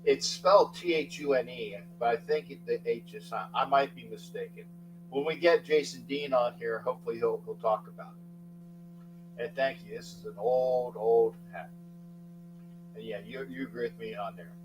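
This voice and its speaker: A middle-aged man hosting a casual sports talk livestream, rambling, thanking chatters by name and breaking into sudden loud outbursts. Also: mid-range voice, expressive, normal speed, noisy background. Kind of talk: casual live chat with viewers.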